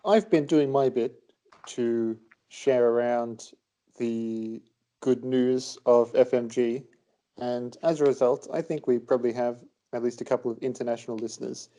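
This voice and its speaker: Male podcast co-host, mellow tone, measured and hedging. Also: mid-range voice, steady tone. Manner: measured, hedging, many fillers. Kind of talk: casual chat.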